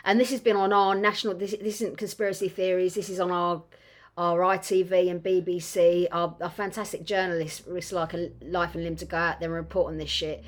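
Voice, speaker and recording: A middle-aged woman co-hosting a podcast, talking in a blunt, excitable way and swearing freely in casual chat. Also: on the low side, brisk. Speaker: podcast co-host.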